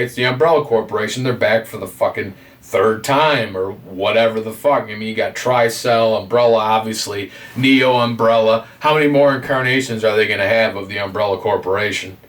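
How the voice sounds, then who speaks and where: A man giving a rambling game review, full of constant swearing and animated retelling. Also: fairly low pitch, fairly quick, hardly any pauses, far from the mic. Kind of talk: profane ranting game review.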